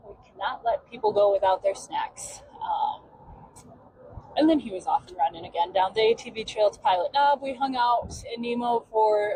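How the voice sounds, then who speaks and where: A woman hosting a podcast who tells a story in a loose, chatty way with many "um" fillers. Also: mid-range voice. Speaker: podcast host. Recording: clear background noise.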